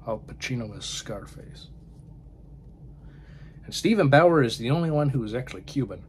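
A man's voice: mid-range voice, animated, normal speed, slight background noise. A man chatting casually about films, rambling and often trailing off to a murmur. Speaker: film vlogger. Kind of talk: casual film chat.

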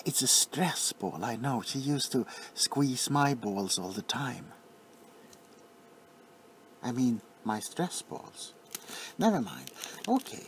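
A man playing an overly attached, sentimental pharmacist in a whispered role-play, softly fussing and apologizing. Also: medium pitch, slight background noise. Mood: sweetly doting.

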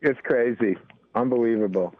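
A man's voice: mid-range voice, normal speed. An older American man, a guest musician, chatting casually and rambling with many fillers. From United States. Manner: rambling, full of "you know" fillers. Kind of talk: casual interview talk. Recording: tinny phone-line sound.

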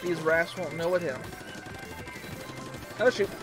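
A woman's voice: fairly low pitch, measured pace. A woman giving casual running commentary while playing an online game, reacting aloud as she plays. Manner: chatty, reacts aloud to the match. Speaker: gaming streamer. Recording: game music behind the voice. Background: game music.

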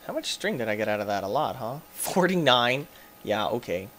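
A man hosting a gaming channel, giving let's play commentary as he plays, excitable and yelping and shouting in panic at the game's monsters. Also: medium pitch, moderate pace, slight background noise.

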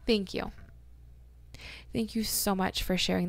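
A woman's voice: medium pitch, steady tone, measured pace, gravelly, long pauses. A woman hosting an emotional self-help chat, gushing and close to tears, swearing casually as she leads affirmations. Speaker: podcast host.

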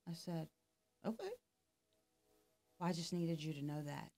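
A woman's voice: low-pitched, a little slow, dark tone, soft background music. A middle-aged woman, a life coach, telling a story in casual conversation and acting out both sides of the dialogue. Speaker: podcast guest, life coach.

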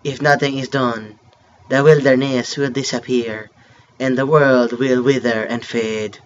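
A man putting on a hushed mock-French creature narrator. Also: mid-range voice, steady tone, unhurried, muffled recording, pitched below the performer's own voice, close to an everyday voice. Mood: solemn, hushed. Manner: hushed, dramatic storytelling. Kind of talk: reading game text aloud.

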